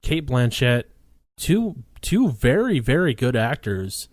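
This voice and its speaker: Male co-host, blunt hot takes, mid pitch, dry close mic. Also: sing-song, takes it slowly, no room sound. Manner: blunt, opinionated. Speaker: podcast co-host. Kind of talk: casual movie chat.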